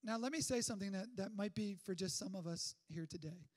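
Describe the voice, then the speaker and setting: A man preaching a sermon in an energetic, conversational way, full of rhetorical questions and quick restarts. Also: sits high. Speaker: pastor.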